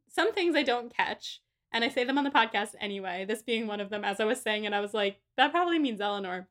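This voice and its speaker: A woman co-hosting a podcast, chatting in a casual and animated way and laughing often. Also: a little high, fairly quick. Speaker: podcast co-host. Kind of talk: casual book-club chat.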